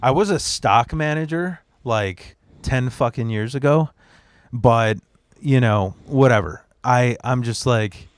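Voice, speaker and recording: A man's voice: medium pitch, slow, smooth, dry recording, clean studio sound. A man, a standup comedian, telling long, profane stories as a guest on a podcast. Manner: profane, rambling anecdotes. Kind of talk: casual podcast storytelling.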